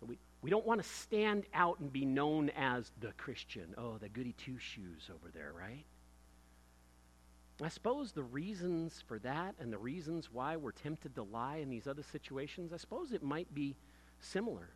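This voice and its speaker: A man preaching a sermon, opening with a self-deprecating personal story before moving into quieter reflection. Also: a little high, very animated, normal speed, slight background noise.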